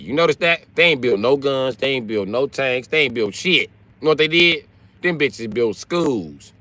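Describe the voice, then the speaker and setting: A man in his forties from Illinois telling profane, comedic stories on a livestream. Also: medium pitch. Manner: animated, profane, storytelling. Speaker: livestream host.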